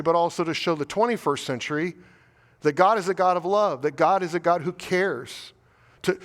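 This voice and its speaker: A man's voice: a little high, fairly bright tone, in a large hall. A man with an American accent preaching a sermon as pastor, earnest and pleading, piling up rhetorical questions and repeating his words. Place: church sanctuary.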